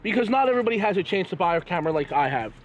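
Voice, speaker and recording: Eager high-voiced man talking photography. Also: sing-song, racing, highs cut off. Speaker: photographer friend. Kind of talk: casual chat.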